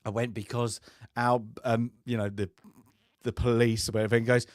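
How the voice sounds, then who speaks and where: In studio-quality sound with no echo, a man with a mid-range voice and flat delivery talks at normal speed. Co-hosting a film review podcast, he chats casually and tells an anecdote, laughing often and acting out the voices of people he quotes.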